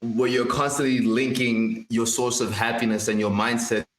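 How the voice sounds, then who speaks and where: A man's voice: medium pitch, little pitch movement, normal speed, roomy sound. A man co-hosting a casual podcast, talking with energy about life and mindset, mixing in street slang. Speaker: podcast co-host.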